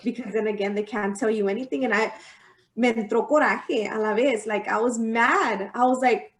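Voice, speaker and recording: A young woman speaks in a fairly high voice, telling a story from her own life in a heartfelt way and moving between English and Spanish, with frequent "like" and "you know". She sits back from the mic, and the room gives her voice a clear echo. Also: steady tone, moderate pace. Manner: heartfelt, mixes English and Spanish, many fillers. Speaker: podcast co-host. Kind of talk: personal storytelling in casual chat. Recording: roomy sound, mic at a distance.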